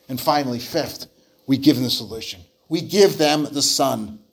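Earnest male preacher, somewhat high voice. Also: a bit bright. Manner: earnest, repeats words when starting phrases. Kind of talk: sermon storytelling.

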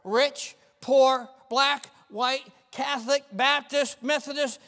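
A male pastor preaching a fervent sermon with folksy, self-mocking humor, swinging between shouts and quiet talk. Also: extremely high pitch, fairly even intonation, takes it slowly. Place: church sanctuary. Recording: long reverb of a church hall.

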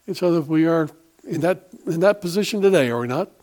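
Guy preaching, kinda high voice, rambly folksy sermon w lots of uhs. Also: lively intonation, fairly quick, darkish tone. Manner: folksy, rambling, many fillers and restarts.

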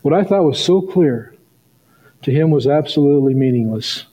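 A middle-aged male pastor preaching a sermon, telling a story and rising to excited peaks. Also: a little high, moderate pace, rough recording.

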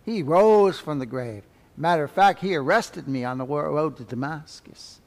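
A pastor preaching a dramatic sermon, swinging between loud exclamations and soft asides. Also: male voice, a little high, moderate pace. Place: church sanctuary. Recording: long church reverb.

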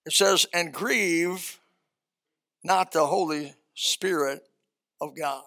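A man's voice: on the high side, slow pace, pushed and bright. An older man preaching a sermon as a pastor, reading scripture and telling folksy stories.

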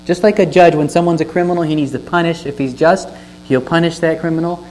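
A man's voice: a little high, fairly even intonation, quick pace, darkish tone, poor audio. A man gives a sermon, reading verses aloud and then teaching from them in an earnest voice. He stresses key words and asks his listeners questions. A faint mains hum sits under the recording. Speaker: pastor.

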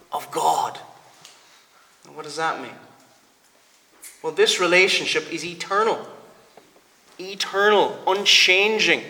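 A man delivers a sermon with a bright, forceful, fairly high voice. He speaks emphatically, repeats key phrases and draws out words for weight. His voice rings with a long church reverb. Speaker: preacher.

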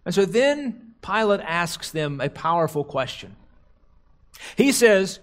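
A man preaching a sermon as a pastor, slowing down and dropping low to stress key words. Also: sing-song. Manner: slows and drops low for emphasis, quotes crowd cries dramatically.

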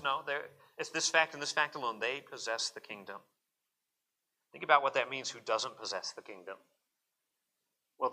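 A man's voice: a little high, pushed and bright. A pastor preaching a sermon at a church service in an earnest, emphatic way, often repeating words as he presses a point.

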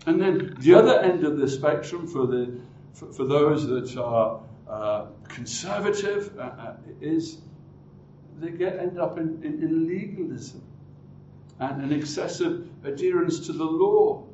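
High-voiced preacher in an echoey hall. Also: male voice, lively intonation, unhurried, dark tone, a little hiss or hum. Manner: acts out quoted voices, repeats words when restarting. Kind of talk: sermon. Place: church hall. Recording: roomy hall, distant mic, dull sound.

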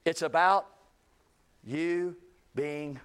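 A man preaching a revival sermon, swinging between loud shouting and hushed low lines. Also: very slow, clear, resonant tone.

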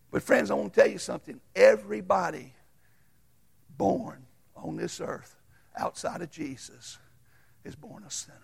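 A man preaching a sermon as a Baptist pastor, folksy and storytelling, swinging from loud to hushed. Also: sits high, normal speed, vocal fry, pauses often, breathy edge.

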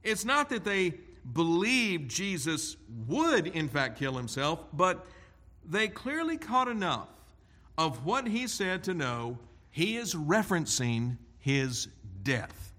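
A man preaching an expository sermon in a deliberate, emphatic way. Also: a little high, very animated, pushed and bright. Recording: long hall reverb.

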